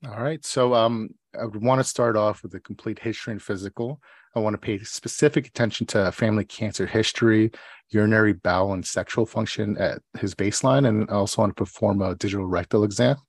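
Low-voiced man. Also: steady tone, fairly quick, no echo. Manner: loose storyteller, many fillers and restarts. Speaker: podcast co-host. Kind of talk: casual podcast chat and mock oral exam.

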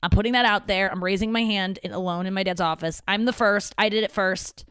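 A woman's voice: mid-range voice, steady tone, fairly quick, a bit bright, clear, resonant tone, dry recording, studio quality. A woman hosting a podcast, telling stories in a chatty, profane, self-mocking way and quoting other people. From St. Louis area. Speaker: podcast host. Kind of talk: casual storytelling monologue. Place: father's home office.

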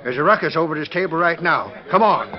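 A man's voice: on the high side, lively intonation, fast talker, crowd noise, close to an everyday voice. An actor playing a chatty, knowing frontier townsman, on a dull old radio recording. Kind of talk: 1940s radio acting.

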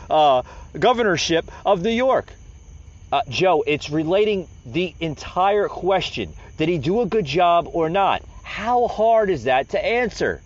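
Male podcaster, heated ranting commentary, rather high, animated voice, dull lo-fi sound. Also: moderate pace. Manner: passionate, ranting, rhetorical questions. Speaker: podcast host.

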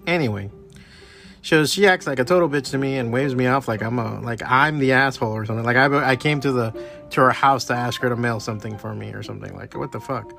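A man's voice: mid-range voice, fast talker, vocal fry, soft background music. A middle-aged man hosting a podcast alone, telling stories in a heated, profane rant. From Miami area. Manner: profane, heated, animated storytelling. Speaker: podcast host. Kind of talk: casual solo rant.

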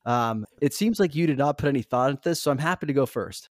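A man chatting casually on a podcast, poking fun at himself as he tells a story. His voice sits at an ordinary pitch and is recorded close and dry, with no room echo. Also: expressive, fast talker. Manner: candid, self-mocking storytelling with fillers. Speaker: podcast co-host. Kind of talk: casual chat.

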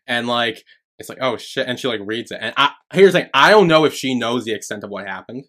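A man's voice: medium pitch, lively intonation, brisk, bright, forceful tone. A man co-hosting a casual podcast over a remote call, spinning a rambling story full of fillers and swearing. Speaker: podcast co-host. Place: remote call from separate homes.

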